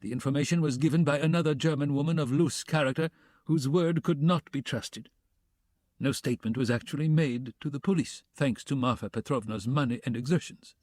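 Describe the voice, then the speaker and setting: A man reading a pompous middle-aged gentleman. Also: medium pitch, fairly quick, no room sound, studio quality, close to an everyday voice. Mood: formal. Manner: formal, precise, self-important. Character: stiff pompous middle-aged male suitor.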